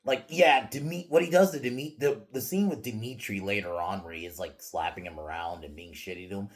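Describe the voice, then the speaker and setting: A man's voice: lowish voice, a little fast. Profane, laughing man ranting about a film. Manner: animated, profane, laughing often, many restarts and "like"s. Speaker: podcast host reviewing a film. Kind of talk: casual spoken review.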